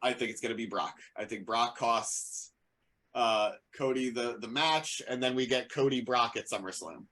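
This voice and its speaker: A man's voice: medium pitch, normal speed, fairly bright tone. A man co-hosting a wrestling podcast, playful and rambling, correcting himself as he goes. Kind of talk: casual chat.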